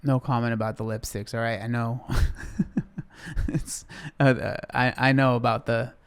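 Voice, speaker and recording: Wry man reacting with halting commentary. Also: mid-range voice, level tone, smooth. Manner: wry, halting, trails off into laughs. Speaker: reaction channel host. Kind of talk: casual commentary reacting to clips.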